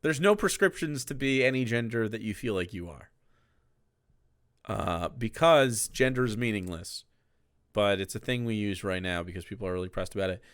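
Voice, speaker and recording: A male streamer talking casually and sarcastically, rambling from point to point with sudden animated bursts. His voice is smooth and resonant, at a middling pitch. It is close and dry, with no room sound. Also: normal speed, no room sound. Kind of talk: casual live-stream commentary.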